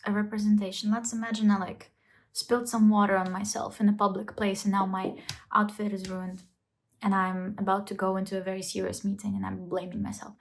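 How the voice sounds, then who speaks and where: A woman's voice: mid-range voice, flat delivery, brisk. Earnest woman coaching the viewer. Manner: earnest, coaching, asks rhetorical questions. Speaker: self-help vlogger. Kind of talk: casual motivational talk to camera.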